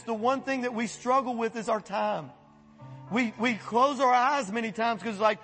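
A pastor preaching a sermon to his church in a folksy, animated way, chuckling and acting out voices as he goes. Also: very high voice, moderate pace, in a large hall, soft background music. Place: church sanctuary.

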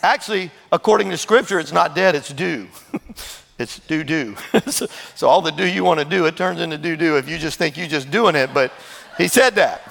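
A man preaching a sermon in a church sanctuary with a high, gravelly voice. He laughs and throws in asides as he goes. His voice rings with the long reverb of a large hall. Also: normal speed, fairly bright tone. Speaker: pastor.

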